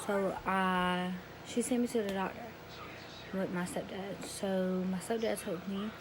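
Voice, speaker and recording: A teenage girl vlogs to her camera, retelling a personal story in a loose, rambling, emotional way packed with slang. Her pitch is the ordinary middle range for a young woman, and a steady hiss of room noise sits beneath the recording.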